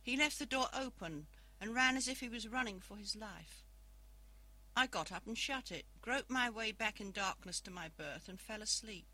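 A narrator reads a first-person ghost story aloud in a measured, even storybook manner. The tone is strikingly bright and sharp, with a middling pitch. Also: poor audio.

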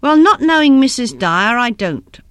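A woman voicing Gus, a brisk, impatient man who talks brusquely. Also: medium pitch, sing-song, a bit bright. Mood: testy. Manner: brusque, testy.

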